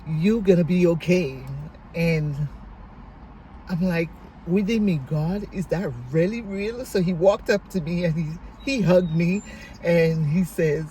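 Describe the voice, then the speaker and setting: A woman's voice: on the low side, takes it slowly, a little mellow, slight background noise, low-quality recording. A middle-aged woman vlogger tells a family reunion story in a heartfelt way, sometimes tearful, and acts out what each person said. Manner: heartfelt, tearful at times, retells dialogue; gives faith-based encouragement. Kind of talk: emotional storytelling vlog.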